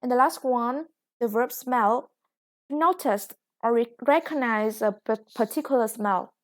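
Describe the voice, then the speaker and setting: Woman, English teacher, slightly high voice, slow and careful delivery. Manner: slow, deliberate, stresses each new word. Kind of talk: recorded classroom lesson.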